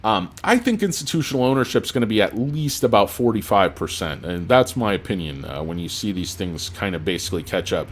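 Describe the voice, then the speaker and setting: A man hosting a casual livestream about stocks, talking emphatically and rambling with plenty of fillers, swinging from loud, punchy lines to mumbled asides. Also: fairly low pitch, big pitch swings, a little fast, few pauses. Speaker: livestream host.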